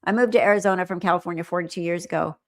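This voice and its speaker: This middle-aged woman, her voice on the low side, races through a casual livestream chat with viewers. She rambles, often losing the thread and beginning again.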